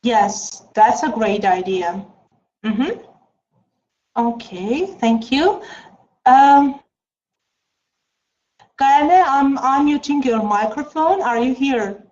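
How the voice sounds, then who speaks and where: A woman teaching an English class online, slow and coaxing, with many mm-hmms. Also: high-pitched, animated, darkish tone. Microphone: video call. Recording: dull lo-fi video call.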